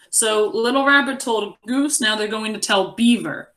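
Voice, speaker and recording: A young adult woman teaching a reading lesson to a class, encouraging and expressive as she reads aloud. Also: on the high side, moderate pace.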